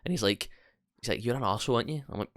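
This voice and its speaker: A young man, co-hosting a podcast and telling animated, sweary stories, acting out both sides of each exchange. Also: medium pitch, racing, no room sound, clean studio sound. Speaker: podcast co-host. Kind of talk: casual storytelling chat.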